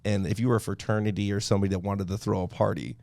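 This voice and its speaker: A man, a podcast guest, telling stories in a casual, animated way and laughing often. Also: fairly low pitch, racing, vocal fry, no room sound. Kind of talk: casual storytelling.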